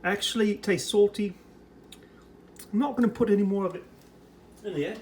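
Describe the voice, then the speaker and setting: In a laid-back food vlog, an American reviewer adopts a fake British accent while making and sampling ration food, keeping up a chatty commentary. His mid-range voice is a little mellow at a moderate pace, with slight background noise.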